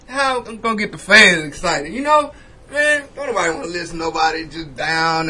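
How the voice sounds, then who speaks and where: A man's voice: on the high side, expressive, brisk, pushed and bright. A male co-host of a music talk show, joking and laughing in casual banter. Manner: playful, laughing, hyped.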